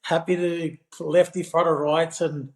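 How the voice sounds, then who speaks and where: A man's voice: on the high side, level tone, unhurried, echoey room. A man, a podcast guest, telling a long casual story in a rambling way, full of fillers like "you know". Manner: rambling anecdote with many fillers. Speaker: podcast guest, parkrun regular.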